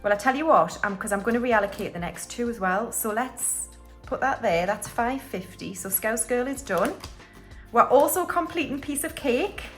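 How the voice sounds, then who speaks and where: A woman's voice: a little high, lively intonation, normal speed, soft background music. A woman chats casually to her viewers as a budgeting vlogger, counting banknotes aloud as she goes. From United Kingdom. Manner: chatty, counts money aloud, talks to viewers as guys. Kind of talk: casual chat while counting cash.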